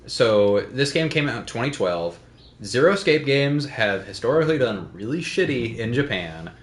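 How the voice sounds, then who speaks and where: A man's voice: lowish voice, echoey room. A man co-hosting a let's play, chatting casually in a rambling way with plenty of swearing. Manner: rambling, profane. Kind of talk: casual chat.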